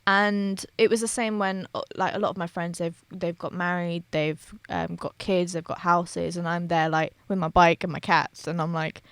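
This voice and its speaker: A woman's voice: on the low side, fairly even intonation, normal speed, hardly any pauses, fairly bright tone, smooth, no echo. A woman with a Yorkshire accent hosting a casual interview, chatty and rambling with frequent restarts. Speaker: podcast host.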